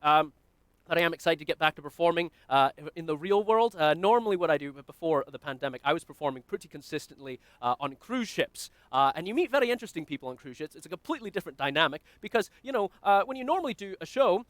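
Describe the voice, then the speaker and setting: A man's voice: a little high, animated, fast talker, fairly bright tone, no room sound. A man from Scotland with a Glasgow accent, a magician delivering jokey, self-deprecating comic patter on a livestream from a home video call setup. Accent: Scottish, Glasgow.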